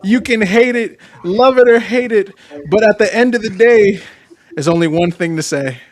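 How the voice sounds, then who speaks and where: A man with a somewhat high voice co-hosts a casual wrestling podcast. He tells long, animated stories, laughs often and drops in bits of song. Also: normal speed. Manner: animated storyteller, laughs often, sings snatches of songs. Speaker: podcast co-host.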